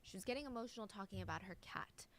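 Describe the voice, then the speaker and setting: A woman's voice: medium pitch, quick pace, a little hiss or hum. A woman telling a true crime story in a casual, chatty way and speaking to viewers directly.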